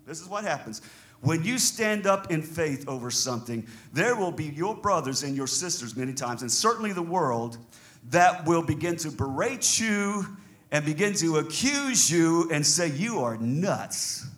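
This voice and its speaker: A man with a Southern American accent, preaching a sermon as pastor in an animated way, chuckling between points. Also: on the high side, a little slow. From Southern United States.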